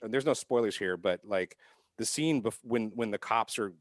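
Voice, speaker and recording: A man's voice: fairly low pitch, normal speed, no echo. Dry-sounding man telling profane stories. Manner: profane, animated anecdotes with frequent restarts. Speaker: podcast co-host. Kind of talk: casual chat, storytelling.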